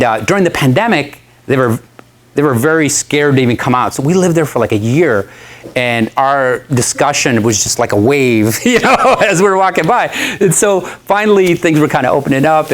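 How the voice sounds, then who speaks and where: Animated storytelling man. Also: mid-range voice, normal speed. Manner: animated, chatty storytelling with frequent laughs. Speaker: guest speaker. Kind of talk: storytelling talk to an audience.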